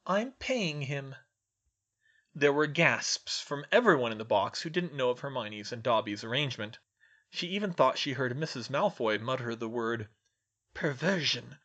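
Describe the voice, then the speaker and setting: A man reading a fan fiction chapter aloud as narrator, with expressive storytelling. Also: mid-range voice, moderate pace, lo-fi sound. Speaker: audiobook reader.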